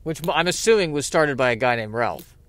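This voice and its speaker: A man's voice: on the high side, animated, fairly quick, a bit bright, no echo. A man doing a solo comedy podcast monologue, rambling and mocking himself while he struggles to remember a name. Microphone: podcast mic.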